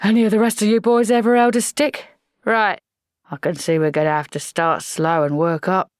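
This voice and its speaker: A woman voicing a gruff male army sergeant who barks bluff, commanding orders in a storybook reading. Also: medium pitch, little pitch movement, moderate pace, dry recording, clean studio sound, close to an everyday voice.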